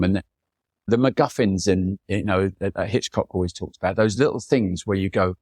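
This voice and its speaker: A man with a low voice tells long, wandering personal stories in a relaxed interview. He slips into the voices of the people he quotes. The sound is dry and close, with no room echo. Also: fast talker. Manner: rambling anecdotal, mimics people in quotes. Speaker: photographer, podcast guest. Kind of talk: reflective storytelling in conversation.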